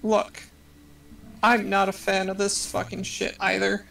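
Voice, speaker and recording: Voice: mid-range voice, monotone, measured pace, gravelly, fairly bright tone, a little hiss or hum. A tabletop player voicing a blunt, foul-mouthed adventurer who carries a gun, heard from a distant mic. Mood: exasperated. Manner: blunt and profane.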